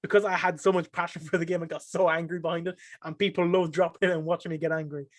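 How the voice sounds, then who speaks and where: High-voiced excitable Irish young man. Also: fast, dry recording. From Ireland. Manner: excitable, emotional, animated bursts with laughter. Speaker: podcast guest, streamer and caster. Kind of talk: casual podcast chat.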